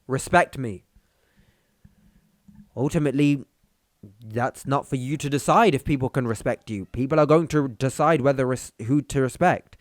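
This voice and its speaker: A man's voice: medium pitch, no room sound, studio quality. A young man hosting a commentary video, talking bluntly and mockingly in a rant. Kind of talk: reaction commentary.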